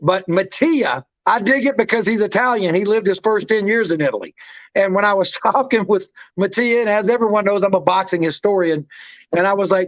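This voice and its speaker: A man hosting a casual livestream chat, talking with excitement and telling stories. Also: high-pitched, brisk. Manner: excited, storytelling, drops names. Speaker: show host. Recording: dull lo-fi stream audio.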